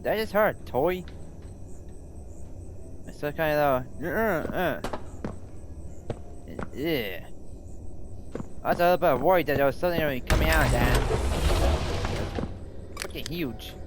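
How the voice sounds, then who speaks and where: A man's voice: a little high, expressive, moderate pace, pauses often, background noise. A man streaming a game live, thinking aloud and muttering reactions as he plays. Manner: stumbles reading in-game notes aloud. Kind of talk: live let's play commentary.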